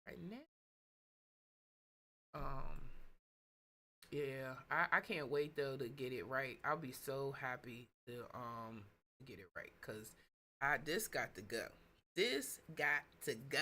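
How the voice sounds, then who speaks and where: A chatty woman hosts her own livestream and reads viewer comments aloud as she goes. Her voice sits somewhat low but comes across bright and forceful. She jumps from loud excitement to quiet mutters. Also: measured pace. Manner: chatty, excitable, swings between loud gushing and low asides. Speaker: host of a live business stream. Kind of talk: casual livestream chat.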